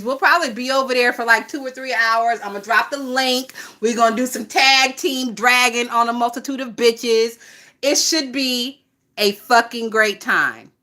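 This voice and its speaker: A woman hosting a casual gossip livestream, talking in a lively, profane way and laughing often. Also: a little high. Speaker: livestream host.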